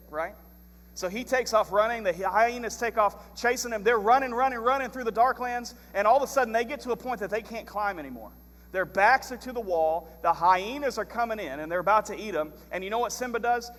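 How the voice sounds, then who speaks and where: A man preaching a sermon as pastor, telling stories in a lively, animated way. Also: sits high, big-room sound. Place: church sanctuary.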